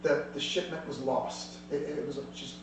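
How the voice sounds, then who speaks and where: A man's voice: on the high side, flat delivery, moderate pace, close to an everyday voice. A man doing a stammering, nervous young errand boy. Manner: stammering, mumbling, hesitant. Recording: echoey room, distant mic, faint hum.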